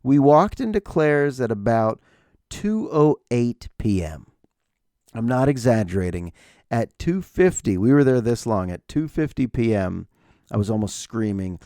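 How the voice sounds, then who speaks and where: A man's voice: medium pitch, expressive, unhurried, warm tone, dry recording, studio quality. A man in his forties hosting a podcast, telling stories casually and sarcastically and acting out the people in them. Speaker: podcast host. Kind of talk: casual solo storytelling.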